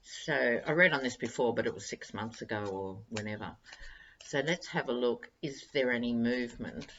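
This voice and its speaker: A woman's voice: extremely low pitch, moderate pace, a bit bright, muffled recording, a little hiss or hum. A woman, chatting wryly and directly to her viewers as a tarot-reading vlog host. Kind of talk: casual monologue to viewers.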